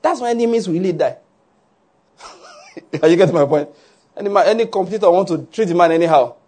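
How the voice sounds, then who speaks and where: Husky-voiced man preaching a lively sermon. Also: sits high, a little fast. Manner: animated preaching, asks "are you getting my point?" often. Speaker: pastor.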